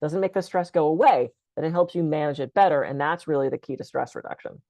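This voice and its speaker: A woman speaker on a video call, calmly and conversationally guiding listeners through breathing techniques for stress. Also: low voice, fast talker, no echo. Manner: calm, conversational, gently instructive. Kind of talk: guided breathing talk.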